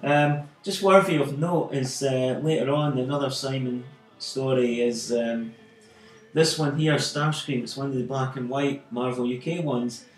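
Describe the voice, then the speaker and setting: A man, a podcast host, retells a comic story in an animated, casual way with frequent fillers. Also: mid-range voice, measured pace. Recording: echoey room with faint music.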